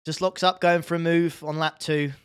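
A man giving live commentary on his own racing game run, reacting out loud and talking to his chat. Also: fairly high pitch, flat delivery, normal speed, clean tone, no echo, studio quality. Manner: reactive, exclaiming, talks to chat. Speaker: sim racing streamer. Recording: voice over racing game engine noise.

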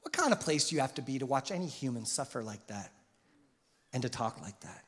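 Impassioned pastor in a reverberant church. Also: male voice, expressive, brisk. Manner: impassioned, rises in pitch and volume on questions. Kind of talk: sermon. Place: church sanctuary. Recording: long hall reverb.

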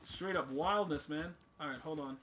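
A man's voice: a little high, moderate pace, fairly bright tone, a little hiss or hum. Hyped man doing game commentary. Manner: hyped slang-heavy banter. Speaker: gaming channel host. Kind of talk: casual gameplay commentary.

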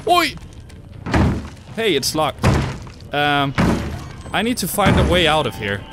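A man's voice: on the high side, big pitch swings, slow pace. A young man commenting as he plays a horror game, screaming and swearing at the scares and joking to himself. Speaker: gamer playing a horror game. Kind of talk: let's play commentary. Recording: clear game music underneath. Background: game music and sounds.

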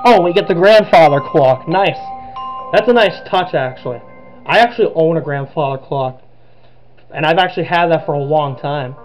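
A man's voice: fairly high pitch, a little mellow, highs cut off. Chatty man playing a horror game. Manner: chatty, laughs often, apologetic about his voices. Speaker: gameplay commentator. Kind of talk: let's play commentary.

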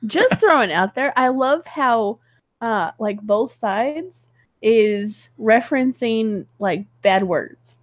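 Slow hesitant woman in a chat. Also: a little high, expressive. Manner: slow, hesitant, searching for words. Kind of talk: casual panel chat.

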